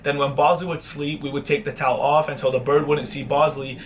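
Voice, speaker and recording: A chatty young man tells a rambling pet story to his vlog audience. He swears freely and slips into mock-dramatic sadness. His voice sits a little high for a man. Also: fairly even intonation, a little fast, background noise. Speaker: vlogger.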